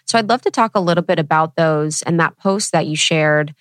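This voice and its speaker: A woman's voice: low-pitched, fairly quick, no echo. Woman podcast host, dry close sound. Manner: conversational, thoughtful, frequent affirming murmurs. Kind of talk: casual podcast interview.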